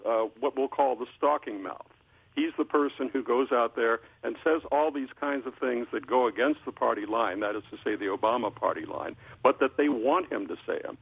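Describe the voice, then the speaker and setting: An older male political columnist on a phone line, talking in a measured way with many filler uhs and restarts. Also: mid-range voice. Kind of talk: phone-in interview commentary. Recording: phone line, husky tinny sound.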